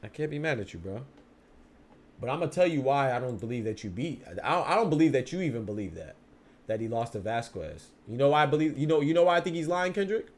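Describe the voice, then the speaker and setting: A man of medium pitch hosts a boxing podcast livestream in a loose, casual style. He reads viewer comments aloud and answers them in slangy speech. He repeats words while he works out his thoughts. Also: expressive, fast talker. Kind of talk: casual livestream talk, reading viewer chat.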